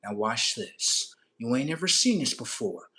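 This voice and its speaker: A man hosting a livestream, telling crude, comedic stories in an animated, rambling way. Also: medium pitch, measured pace. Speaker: livestream host. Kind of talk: profane comedic storytelling.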